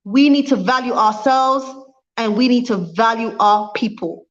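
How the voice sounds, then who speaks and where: A woman speaks on a livestream in a fiery, preaching way, hammering home each point by saying it again. Her voice sits fairly high. The sound is dull and lo-fi, like a built-in device mic. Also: unhurried. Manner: reads viewer comments aloud. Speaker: vlogger. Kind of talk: impassioned livestream talk.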